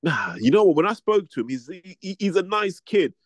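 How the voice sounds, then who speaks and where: A man in casual chat, calm and reasoning, calling people mate. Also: high-pitched, fairly quick, dry recording.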